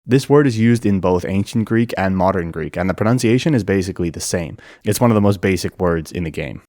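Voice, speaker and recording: A man narrating an educational video and explaining things clearly and methodically. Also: low voice, lively intonation, a little fast, darkish tone, dry recording, studio quality. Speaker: language explainer.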